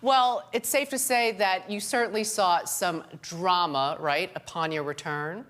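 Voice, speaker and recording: A woman's voice: fairly low pitch, measured pace, fairly bright tone. A woman hosting a live reality TV show, upbeat and projecting to a studio audience. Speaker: host.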